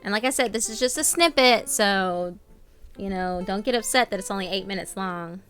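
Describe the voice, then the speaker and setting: On her live stream, a young woman with a bright, forward, medium-pitched voice greets viewers by name, padding pauses with ums and small laughs. Quiet guitar music plays faintly underneath.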